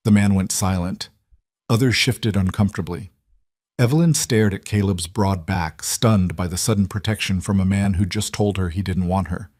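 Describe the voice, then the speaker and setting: A man giving scripted narration of a story in a measured, even way. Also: low-pitched, no echo, clean studio sound.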